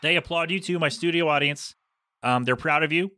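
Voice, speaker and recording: A man's voice: a little high, fairly quick, sharp tone, slight background noise. A man hosting his own podcast, rambling casually and jokingly on his own. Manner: chatty, jokey, rambling. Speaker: podcast host.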